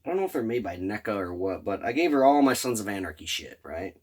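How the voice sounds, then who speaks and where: Low-voiced man swearing through a story. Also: big pitch swings, quick pace. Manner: profane, rambling, enthusiastic. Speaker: vlogger. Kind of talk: casual storytelling about a fan convention.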